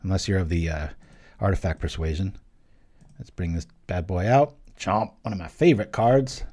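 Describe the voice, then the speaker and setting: A young man hosting his channel, giving casual live commentary on a card game he is playing, thinking aloud with quick jokes and small exclamations. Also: deep voice, dark tone.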